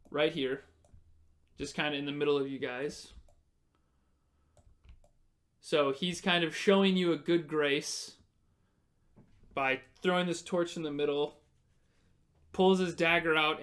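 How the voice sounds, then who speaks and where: A man's voice: a little high, a bit bright. A man running a tabletop game as game master, narrating the action and explaining the rules as he goes.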